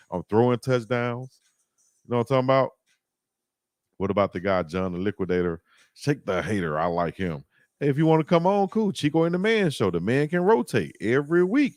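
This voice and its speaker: Chatting casually on a live stream, a male host trades slangy banter and laughs at his own stories in an animated way. His pitch is an ordinary mid-range. The recording is close and dry, with no room sound at all.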